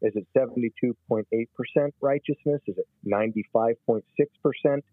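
A man's voice: mid-range voice, fairly quick, dry recording. A man explaining scripture in a religious discussion, emphatic and teaching. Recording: tinny phone line.

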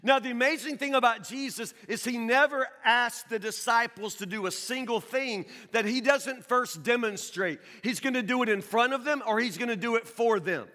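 High-voiced preacher in an echoing hall. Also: male voice, normal speed, hardly any pauses, bright, forceful tone. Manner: conversational, questioning, emphatic repetition. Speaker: pastor. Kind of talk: sermon. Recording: long reverb of a large hall.

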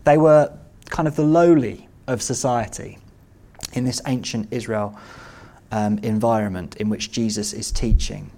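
A man's voice: on the low side, steady tone, measured pace, dark tone. A man preaching a sermon in an earnest way, building to emphatic repeated calls. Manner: earnest, rising to emphatic repetition.

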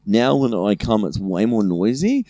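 A man's voice: fairly low pitch, sing-song, unhurried, dark tone, no room sound. A man telling rambling crude stories as a guest comedian in casual podcast banter. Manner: rambling storyteller, lots of fillers. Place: small studio shed.

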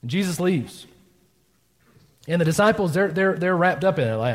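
A man's voice: fairly high pitch, brisk. A man preaching a sermon, telling the story conversationally, acting out quotes and often asking "right?". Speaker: pastor. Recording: long reverb of a church hall.

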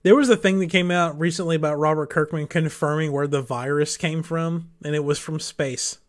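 A man's voice: on the high side, steady tone, brisk. A man hosting a casual gaming podcast, chatting loosely and winding down the show. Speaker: podcast host. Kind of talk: casual chat.

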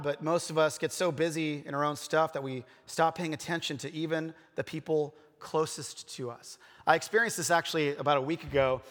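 Earnest pastor, slightly high, reverberant hall. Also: male voice, fairly bright tone. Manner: casual, earnest storytelling with frequent fillers and restarts. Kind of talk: conversational sermon with personal stories. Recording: long reverb of a large hall.

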